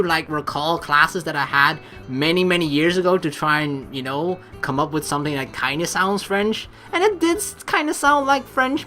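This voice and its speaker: A woman's voice: low voice, bright, forceful tone. Chatty woman doing let's play commentary. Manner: chatty, joking, swears casually.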